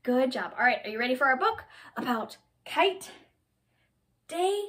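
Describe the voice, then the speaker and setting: A woman with a high voice reads a picture book to young children at an unhurried pace. She talks in a sing-song, animated way and hams up the sound effects. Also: noisy background. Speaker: children's story time host.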